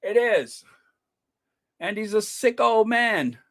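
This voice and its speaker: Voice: mid-range voice, animated, takes it slowly. A channel host giving casual, scornful commentary, reading comments and news items aloud and often breaking into laughter.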